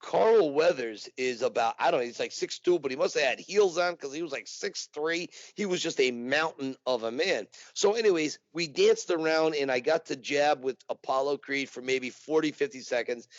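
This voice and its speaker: A man being interviewed, telling his story animatedly. His voice is slightly high for a man. The sound is dry and somewhat muffled, with no room echo. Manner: animated anecdote telling with acted quotes. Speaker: interview guest, impersonator. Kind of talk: casual storytelling. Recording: dull dry recording.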